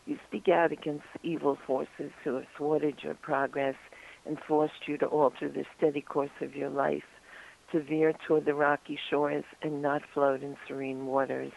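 Woman caller with a gravelly, lo-fi voice. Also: low-pitched, flat delivery, darkish tone. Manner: earnest, deliberate recitation. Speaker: caller reading a poem. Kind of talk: poetry reading on a phone call. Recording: muffled phone line.

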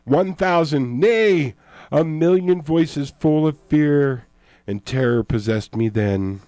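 A man voicing a theatrical fire-and-brimstone preacher telling of a vision, with a booming delivery. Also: slow, warm tone, no echo. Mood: ranting.

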